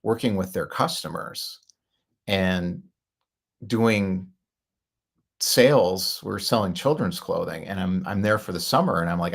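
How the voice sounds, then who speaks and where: Middle-aged guy with a gravelly low voice, chatty storytelling, keeps laughing. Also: unhurried, long pauses. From Chicago area, United States. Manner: chatty, laughs often, acts out quoted lines. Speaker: podcast host. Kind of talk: casual storytelling monologue.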